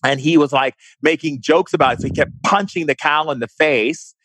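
A man's voice: on the high side, brisk, a bit bright, husky, dry recording. Male guest, impassioned, frequent restarts, dry close mic. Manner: impassioned, repeats words and restarts often. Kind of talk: emotional conversation.

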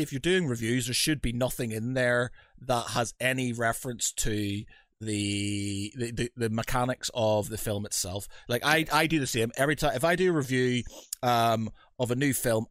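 A man co-hosting a casual podcast, telling lively stories and acting out what people said, with the odd swear word. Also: mid-range voice, no room sound, studio quality. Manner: animated storyteller, swears, acts out quotes. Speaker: podcast co-host.

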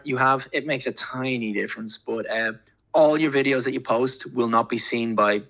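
A man's voice: mid-range voice, sharp tone. A man speaking as a podcast guest in casual chat, rambling with lots of fillers and casual swearing.

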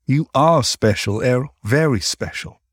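A man voicing an older male rabbit professor who speaks softly and tenderly. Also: medium pitch, a little slow, slightly rough, no echo, clean studio sound.

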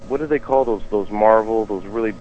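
A man's voice: fairly low pitch, brisk. A man in his forties, a guest artist, answering interview questions in a loose, rambling way with many ums and restarts. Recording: dull lo-fi sound with faint noise.

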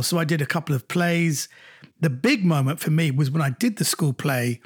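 Husky, lively storytelling man. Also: a little high, brisk. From England. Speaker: actor guest. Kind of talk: casual anecdote-telling.

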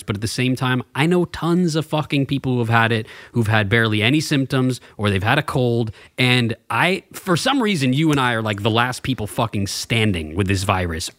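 A man's voice: medium pitch, lively intonation, brisk, few pauses, fairly bright tone, no echo, studio quality. A young man co-hosting a podcast, talking in a rambling, emphatic and profane way. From Los Angeles. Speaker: podcast co-host. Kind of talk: casual podcast chat.

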